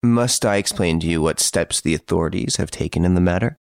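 An earnest, patient police detective questions his prisoner, as a man puts him on. He speaks slowly and deliberately in a deep, gravelly voice. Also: no echo, clean studio sound. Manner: slow, measured, earnest. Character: serious, patient middle-aged police detective. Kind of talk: audiobook character reading.

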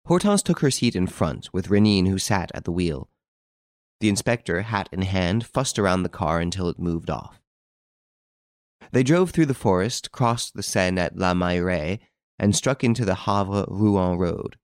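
Low-voiced man narrating a story. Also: animated, moderate pace, no echo, studio quality. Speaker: audiobook narrator. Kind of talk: scripted narration.

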